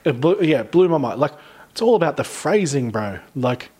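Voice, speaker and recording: A young Australian man hosting a podcast, chatting casually and rambling through animated stories. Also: on the high side, normal speed, breathy edge. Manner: rambling storyteller, animated retellings. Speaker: podcast host. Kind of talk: casual chat.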